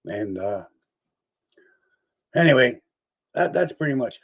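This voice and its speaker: Older guy with a husky voice, rambling through stories, keeps laughing and doing voices. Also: mid-range voice, animated, slow pace. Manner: rambling, laughs often, acts out voices in his story. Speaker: guest paranormal investigator. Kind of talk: casual storytelling interview.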